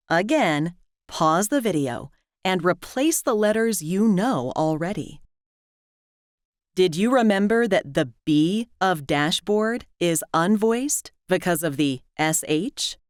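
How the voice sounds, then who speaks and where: A woman narrating a scripted lesson, clearly and deliberately, stretching out the example words. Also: on the low side, dry recording, studio quality. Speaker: language teacher.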